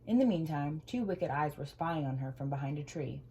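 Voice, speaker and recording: A woman reading a children's storybook aloud with gentle, expressive storytelling. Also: low voice, a little fast, a little hiss or hum, rough recording.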